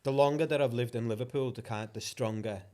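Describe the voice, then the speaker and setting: A man's voice: mid-range voice, a little fast, a little mellow. A man with a Scouse accent, chatting casually on a podcast, laughing often and hesitating with fillers. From born in Manchester, grew up on the Wirral. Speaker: guest.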